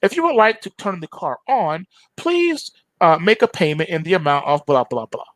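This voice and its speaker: A man's voice: sits high, big pitch swings, moderate pace, fairly bright tone, no room sound. A man faking a prim female AI phone agent. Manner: smug, scripted, robotic politeness.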